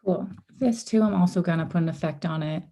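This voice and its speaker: A woman runs a live design tutorial over a video call, talking step by step in an easygoing way. Her voice sits low and mellow, a little worn because she is losing it. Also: a little fast. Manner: casual, step-by-step, with frequent ums and oopses. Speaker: workshop instructor.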